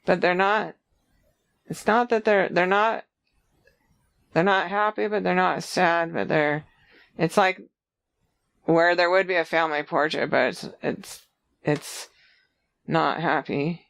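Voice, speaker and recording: Psychic reader, slow and halting, gravelly yet smooth tone, searching for words mid-vision. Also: mid-range voice, fairly even intonation, a bit bright. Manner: halting, searching, many restarts. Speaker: psychic medium. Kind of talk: psychic reading, describing visions.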